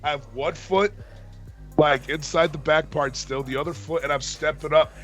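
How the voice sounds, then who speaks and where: A man's voice: fairly high pitch, steady tone, moderate pace, fairly bright tone, soft background music. A man casually telling a long, profane story on a podcast, acting out the arguments he quotes. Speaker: podcast co-host.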